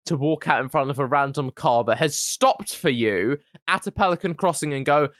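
A man, co-hosting a casual comedic chat, joking around and breaking into loud silly voices. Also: fairly high pitch, normal speed, no room sound, clean studio sound.

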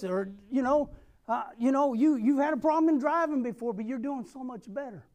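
A man's voice: extremely high pitch, expressive, moderate pace, a little mellow. A middle-aged man delivers a sermon in an earnest, emphatic way. He repeats phrases for weight and speaks straight to the people in front of him. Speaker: pastor.

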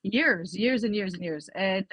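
Animated woman telling a story. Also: mid-range voice, unhurried, dry recording. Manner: animated storytelling, acting out quoted exchanges with her family and herself. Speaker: podcast guest. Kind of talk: casual podcast conversation.

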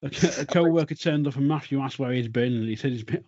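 A man's voice: medium pitch, fast, darkish tone. A man casually recapping a TV episode, laughing often and acting out the characters' lines. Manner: laughs often, narrates scenes and acts out quotes. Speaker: podcast co-host recapping a TV episode. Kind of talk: casual chat. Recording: dull lo-fi audio.

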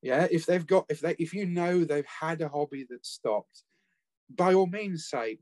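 Man, earnest, halting, reflective, dry close mic. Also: on the high side, darkish tone, no echo. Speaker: bereaved former family carer, guest. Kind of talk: conversational interview chat.

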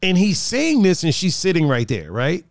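A man with a high voice and vocal fry hosts a podcast, animatedly telling stories and cursing freely in casual chat at a moderate pace. The recording is dry, with clean studio sound.

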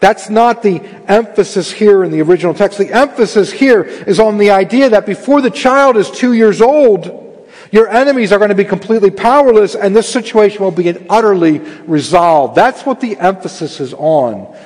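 A man's voice: high voice, expressive, moderate pace, a little mellow, big-room sound. A man preaching a sermon as pastor, earnest and building to emphatic stress.

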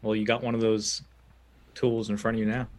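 A man who is a podcast guest, answering in brief, measured sentences. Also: lowish voice, flat delivery, a little mellow. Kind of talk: casual chat.

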